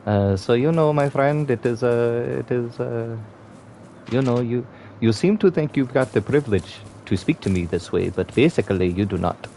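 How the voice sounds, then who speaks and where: A man putting on a mock Indian accent to voice a stern, indignant man scolding a friend, halting with filler pauses. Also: medium pitch, dark tone, soft background music, voice pushed up, natural voice.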